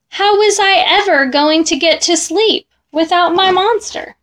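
A woman reading a children's story aloud in an expressive, animated way. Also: very high voice, a little slow, few pauses.

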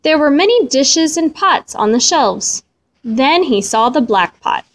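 A woman reading a children's storybook aloud in a slow, expressive way. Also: high-pitched.

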